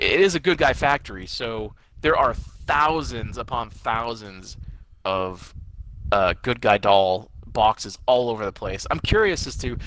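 Male podcast co-host, bright forceful tone, rambling excited movie recap, faint background hiss. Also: medium pitch, low-quality recording. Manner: rambling, excited scene-by-scene retelling. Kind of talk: casual movie review chat.

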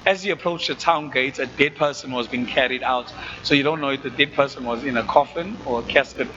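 Bright-voiced South African pastor preaching. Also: male voice, medium pitch, a little fast, muffled recording, a little hiss or hum. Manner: conversational preaching, asks the congregation if they follow. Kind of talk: sermon.

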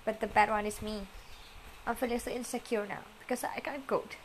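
A woman talking straight to her listeners in a personal, confessional monologue. She speaks softly and haltingly, repeats herself and searches for words. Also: fairly high pitch, steady tone, slight background noise, low-quality recording. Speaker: vlogger.

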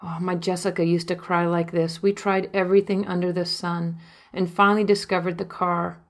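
A woman's voice: lowish voice, flat delivery, normal speed, close to an everyday voice. A woman reading the lines of a middle-aged man, an ill and tender father, in an earnest, pleading way in an audiobook memoir. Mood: consoling.

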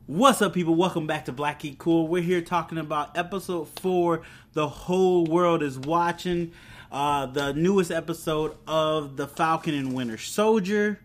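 A man hosting a podcast, casually recapping a TV episode with excitement and quoting the characters' lines as he goes. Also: on the high side, moderate pace. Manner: excited, animated retelling with quoted lines. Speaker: podcast host.

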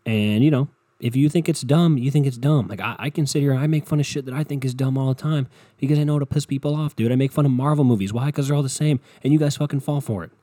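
A man's voice: medium pitch, quick pace, dry recording. A young man rambling through a profane, comedic monologue as a podcast host. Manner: rambling, profane, animated storytelling.

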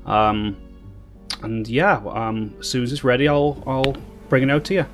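Male GM voicing a fussy, hospitable motherly woman; fantasy game, she trips over her words, mid-pitched. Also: unhurried, music in the background, natural voice. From Britain. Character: bustling motherly woman caretaker of two boys.

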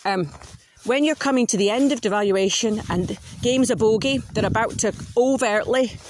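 A woman's voice: fairly high pitch, normal speed, noisy background. A woman hosting a podcast, talking frankly in a casual monologue and swearing freely. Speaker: podcast host.

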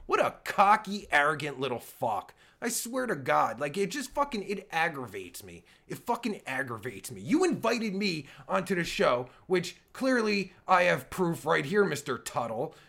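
A man's voice: on the high side, sing-song, normal speed, creaky, hardly any pauses, fairly bright tone. A man reacting to a recording of his own interview, swearing heavily and ranting in exasperation. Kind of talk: angry reaction commentary.

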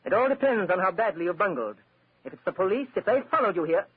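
Jittery guilty collector, middle-aged, flustered; high, swooping, very raspy, old radio sound. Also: male voice, animated, fast, full character voice. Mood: threatening. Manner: nervous, flustered, defiant. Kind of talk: 1940s radio acting. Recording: narrow lo-fi vintage radio broadcast.

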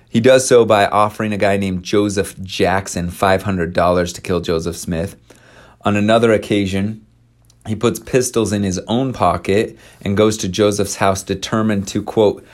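A man with a somewhat low voice retells a dramatic historical episode in a loose, conversational way. He leans on slang and fillers and acts out the quoted dialogue with energy. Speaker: storyteller presenting church history. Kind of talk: casual storytelling talk.

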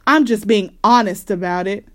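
A woman's voice: medium pitch, moderate pace, no echo, studio quality, lightly acted. A woman voicing a grouchy, rude young girl bear in a storybook read-aloud, with a whiny, demanding manner.

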